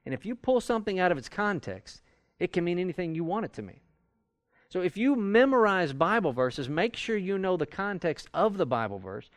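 A man's voice: sits high, very animated, brisk, no room sound. Man, Bible class teacher, conversational, acts out arguments, dry recording. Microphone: recorded for audio with a live class.

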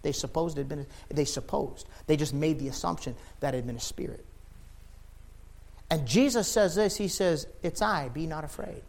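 A man preaching a sermon with passion, rising to loud shouts and dropping to quiet, low lines. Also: moderate pace. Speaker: pastor.

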